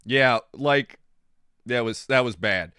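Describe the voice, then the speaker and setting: A man streaming and chatting casually with his audience, rambling and animated, coughing now and then. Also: medium pitch, slow pace, clear, resonant tone, no echo, studio quality.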